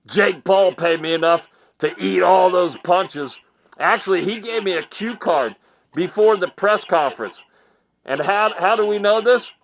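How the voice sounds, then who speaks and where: A man's voice: sits high, fairly bright tone. A man giving mocking commentary in a vlog, laughing often and repeating phrases like a ring announcer. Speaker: online commentary vlogger.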